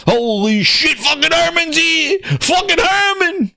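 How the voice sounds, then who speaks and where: A fired-up man with a high, bright voice rants about games, his pitch leaping all over as he swears and repeats himself. The sound is close and dry, with no room around it. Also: big pitch swings, unhurried, gravelly, dry recording. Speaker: podcast host. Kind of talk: profane ranting gaming commentary.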